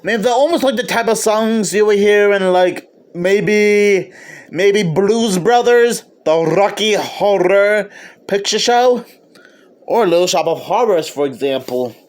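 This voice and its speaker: A man's voice: high voice, animated, a little slow. A man giving an eager, casual video review of a film, often stopping to restart or correct himself. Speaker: movie reviewer.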